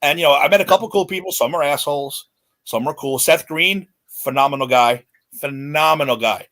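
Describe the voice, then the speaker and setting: Man in his 40s, guest on a chat podcast, fast and lively storyteller, slightly high voice. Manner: excited, animated anecdote-telling. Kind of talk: casual storytelling.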